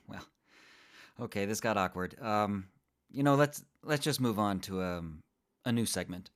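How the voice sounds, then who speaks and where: A man with a lowish, expressive voice and a slightly slow pace hosts his own solo comedic trivia podcast. His manner is playful and theatrical, swinging between upbeat cheer and mock-sheepish asides.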